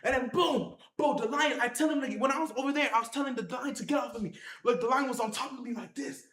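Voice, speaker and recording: A vlogger excitedly telling a story straight to viewers, full of slang and shouted sound effects like "boom". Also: fast talker, roomy sound. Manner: slangy, addresses the audience directly.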